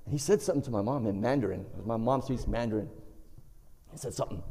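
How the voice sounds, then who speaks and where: Talking fast in a medium-pitched voice, a man recounts a funny personal story for a live audience on the stage of a performing arts center. He brings it to life with acted-out voices and sound effects, and the hall adds a long reverb.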